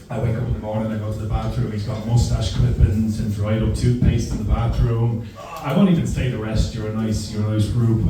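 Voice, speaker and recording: A man's voice: mid-range voice, distant mic, noisy background. A young man doing a wry, self-deprecating stand-up set, swearing freely. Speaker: stand-up comedian. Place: comedy club stage with audience. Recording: roomy club sound with crowd laughter.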